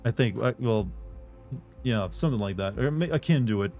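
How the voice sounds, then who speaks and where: A man's voice: lowish voice, animated, brisk, dark tone, soft background music. A man live streaming, chatting casually with his viewers in a sarcastic, joking, rambling way.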